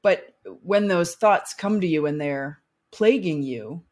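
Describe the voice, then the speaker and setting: A woman's voice: lowish voice, animated, takes it slowly, a little mellow. A woman hosting an interview, affirming her guest as she talks. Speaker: podcast host. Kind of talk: interview chat.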